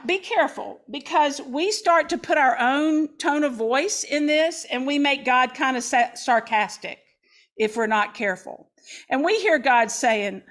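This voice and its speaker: A woman's voice: high-pitched, measured pace, fairly bright tone. A woman pastor preaching a sermon, reading scripture dramatically with folksy asides.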